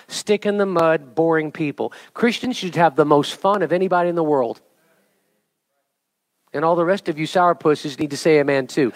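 A middle-aged male pastor preaching a sermon with an object lesson, jokey and animated, building to emphatic calls to the congregation. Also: on the high side, no echo.

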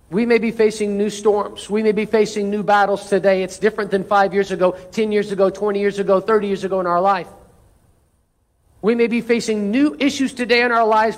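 A male pastor preaching a sermon, leading the congregation in call-and-response and repeating key lines for emphasis. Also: sits high.

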